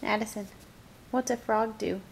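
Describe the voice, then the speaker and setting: A woman at home coaxing a toddler with slow, encouraging, sing-song prompts. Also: medium pitch, steady tone, vocal fry, slight background noise. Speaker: parent.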